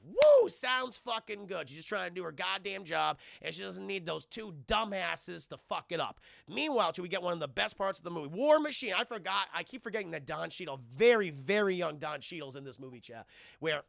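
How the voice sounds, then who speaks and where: A man streaming live, recapping a film scene by scene in a profane, animated way and acting out the characters' lines. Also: fairly high pitch, vocal fry, dry recording, clean studio sound.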